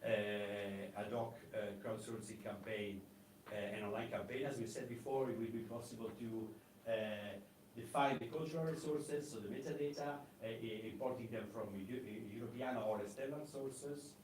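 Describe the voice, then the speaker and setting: A man's voice: mid-range voice, steady tone, darkish tone. Man presenting in an echoey conference room. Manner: halting, many fillers and restarts. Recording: echoey room, mic at a distance, faint noise.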